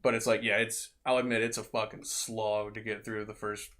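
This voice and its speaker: A man's voice: fairly low pitch, flat delivery, normal speed, fairly bright tone. A man co-hosting a podcast, chatting casually about games and laughing often. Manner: laughs often, acts out quotes in silly voices. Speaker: podcast co-host. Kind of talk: casual chat.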